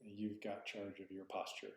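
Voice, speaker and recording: A man's voice: fairly low pitch, completely flat delivery, measured pace. A man giving a dharma talk as a Zen teacher, reflective and searching, often correcting himself aloud. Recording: roomy echo.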